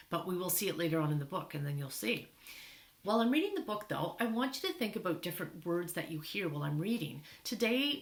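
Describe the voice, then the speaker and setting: Woman teaching, low gravelly voice. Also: fairly bright tone, echoey room. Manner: slow, clear teaching voice, stretches words out to clap syllables. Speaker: teacher reading aloud. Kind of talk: read-aloud lesson for children.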